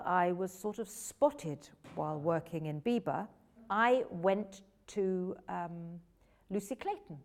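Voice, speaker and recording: An older woman from England, an actress telling lively, self-deprecating stories about her career at a question-and-answer session. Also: fairly low pitch. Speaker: actress guest at a film Q&A. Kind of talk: anecdotal Q&A storytelling.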